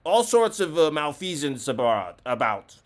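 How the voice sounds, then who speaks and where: Male call-in host, profane, ranting, mock-indignant, voice sits a touch high. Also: big pitch swings, a little slow. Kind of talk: comedic call-in banter.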